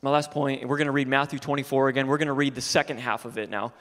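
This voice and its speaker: A young adult man, a youth pastor, preaching an energetic sermon that moves from quiet, low talk to loud shouted exhortation. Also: fast, in a large hall. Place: church sanctuary.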